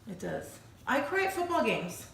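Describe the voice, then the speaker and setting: A middle-aged woman co-hosting a casual chat, giggly and quick to react. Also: a little high, big pitch swings, vocal fry, a bit bright. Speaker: co-host. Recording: echoey room, distant mic, light noise.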